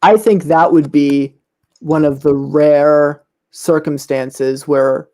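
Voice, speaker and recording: A man's voice: fairly high pitch, fairly even intonation, takes it slowly, warm tone. A man from the United States answering in an online debate, earnest and hesitant, often searching for words.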